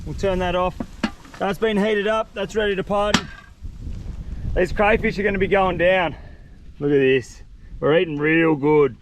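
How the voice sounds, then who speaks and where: Australian man, high-pitched, slangy, excited outdoor vlogger, windy coast. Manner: energetic, slangy, enthusiastic. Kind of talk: casual vlog narration.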